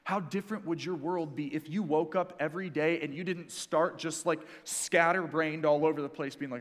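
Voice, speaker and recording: A man preaching a sermon in a church, earnest and emphatic, dropping to soft, intimate lines between stronger passages. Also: fairly high pitch, normal speed, in a large hall. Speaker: pastor.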